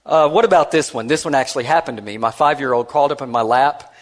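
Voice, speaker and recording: Animated storytelling man on stage. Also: mid-range voice, fast talker. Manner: animated, acts out quoted voices; self-deprecating and conversational, with many restarts. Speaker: conference speaker. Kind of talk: storytelling keynote address.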